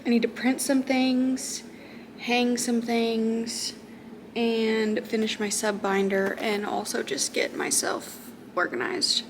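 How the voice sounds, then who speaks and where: A woman's voice: fairly high pitch, little pitch movement, slow. Chatty woman teacher vlogging. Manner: chatty, self-deprecating, laughs often. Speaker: high school math teacher. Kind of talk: casual vlog chat. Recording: noticeable background noise.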